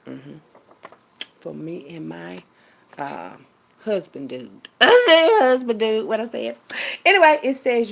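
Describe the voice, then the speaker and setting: A woman's voice: mid-range voice, sing-song, slow pace, vocal fry. A woman talking casually and rambling to her viewers, reading aloud. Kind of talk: casual monologue.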